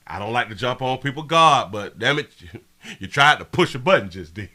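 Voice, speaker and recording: Man, live-stream host, brash, profane, bright sharp tone. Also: medium pitch, very animated, normal speed. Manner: brash, profane, swings from mumbling to yelling. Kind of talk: casual live-stream chat reading comments.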